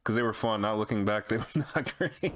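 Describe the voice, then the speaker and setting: Low-voiced, cursing retro game streamer. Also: male voice, fairly quick, a bit bright. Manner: loose, profane, reads chat aloud. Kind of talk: casual live-stream chat.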